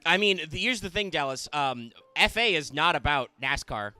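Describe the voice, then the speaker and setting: A man's voice: a little high, animated, normal speed, pushed and bright, no echo. A man hosting a casual gaming podcast, chatty and teasing his co-hosts with mock insults. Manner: joking, mock-insulting banter. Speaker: podcast host. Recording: music playing behind.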